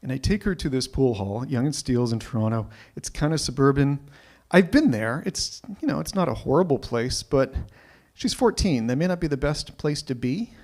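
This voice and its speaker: Animated man telling a story. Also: medium pitch, normal speed, few pauses. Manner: animated, repeats words when excited. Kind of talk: live personal storytelling.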